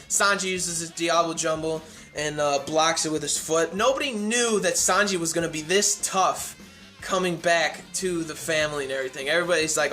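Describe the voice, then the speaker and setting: Casual male reviewer, a bit high-pitched, loose and rambling delivery. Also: pushed and bright. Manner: rambling, many "like" fillers and restarts. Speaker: manga chapter reviewer. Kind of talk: casual chapter review vlog.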